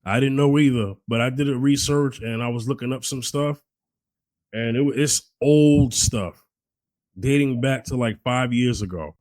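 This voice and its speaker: Male podcast co-host: casual, halting delivery, dry sound. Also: mid-range voice, darkish tone, no room sound, poor audio. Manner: conversational, many fillers and restarts. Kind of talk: casual chat.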